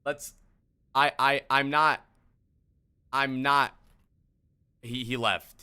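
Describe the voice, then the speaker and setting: A man's voice: mid-range voice, fairly even intonation, very slow, pauses often, bright, forceful tone, clear, resonant tone. A young man streaming as a game coach, talking casually in an exasperated, rambling way, with lots of swearing and restarts.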